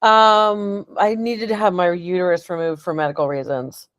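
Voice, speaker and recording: A woman's voice: lowish voice, steady tone, moderate pace, fairly bright tone, dry recording, clean studio sound. A middle-aged woman chatting casually during a reading, rambling and emotional, often laughing as she talks. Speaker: client getting a reading. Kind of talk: casual conversation.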